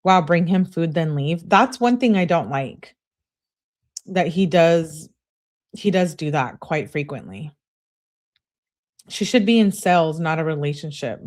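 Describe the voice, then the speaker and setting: A woman's voice: low voice, lively intonation, a little slow, pauses often, darkish tone. A woman hosting a live stream, reading text messages aloud with speaker tags and breaking off to comment and greet viewers. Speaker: true-crime channel host.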